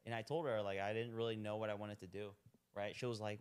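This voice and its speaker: A man's voice: fairly low pitch, flat delivery, quick pace, clear, resonant tone. A young man telling his story as a podcast guest in a laid-back, rambling way, full of "like". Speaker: podcast guest, restaurant owner. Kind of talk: casual chat.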